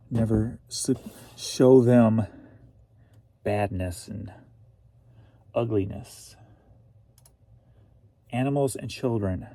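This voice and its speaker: Recorded with no room sound, this St. Louis, Missouri man speaks in a fairly low, dark voice. He's a reseller vlogger whose casual chat wanders, full of jokes and frequent laughter.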